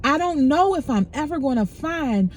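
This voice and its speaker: A woman's voice: high voice, lively intonation, normal speed, slight background noise. A middle-aged woman candidly sharing a painful personal story, frank and emotional, speaking casually with profanity.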